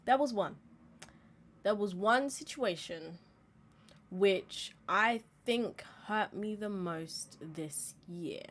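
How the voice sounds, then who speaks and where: A woman, hosting a live-streamed podcast in a candid, chatty way and laughing often as she talks. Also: medium pitch. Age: 20s. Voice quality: expressive, laughs often while talking. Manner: candid, chatty, swings between loud and quiet. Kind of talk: casual live-stream chat.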